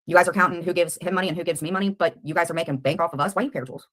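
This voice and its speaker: A woman on a livestream, confronting a rival head-on with rapid, combative questions. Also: lowish voice, fairly bright tone.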